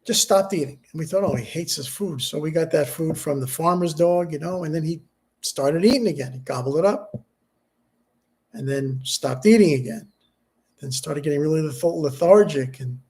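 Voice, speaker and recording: A middle-aged man speaks in a personal vlog while grieving, his voice sitting a bit higher than most men's. He talks haltingly and subdued, full of fillers and false starts as he searches for his words. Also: a little mellow. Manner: halting, hesitant, many restarts and fillers. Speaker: vlogger.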